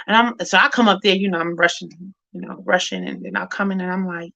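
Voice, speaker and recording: A woman's voice: fairly low pitch, quick pace, vocal fry, hardly any pauses, sharp tone, muffled recording. A middle-aged woman hosting a grief discussion in casual, heartfelt chat, candid and rambling with many fillers and restarts. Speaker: host of a women's grief discussion.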